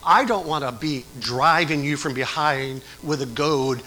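A middle-aged man preaching a sermon as pastor, swinging from quiet talk to shouted exhortation. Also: fairly high pitch, normal speed, few pauses, low-quality recording.

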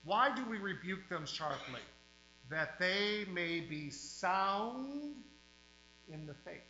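A man's voice: sits high, lively intonation. Male pastor, sermon in a church, punchy and emphatic; echoey room, faint hum. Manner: emphatic preaching with sudden swings in loudness and drawn-out words. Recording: roomy, dull sound with faint mains hum.

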